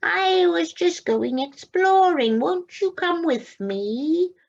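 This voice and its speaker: A calm, kind black cat purrs its words out slowly and soothingly, as a woman puts it on for a storybook. The voice sits raised and lilting, rising and falling widely. The recording is dull and lo-fi. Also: very high voice, creaky, voice pushed up, full character voice. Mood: friendly. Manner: slow, soothing and drawn out.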